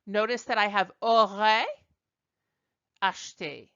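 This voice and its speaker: Woman, French teacher, bright tone, slightly dull recording, chatty and self-correcting. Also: medium pitch, steady tone, slow, clear, resonant tone. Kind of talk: slide lecture.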